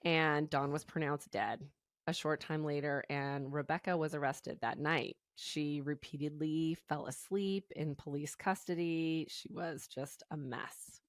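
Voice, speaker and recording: Low-voiced woman retelling a crime casually. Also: no room sound, clean studio sound. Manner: chatty, storytelling with fillers like "you know". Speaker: podcast co-host. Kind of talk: casual true-crime chat.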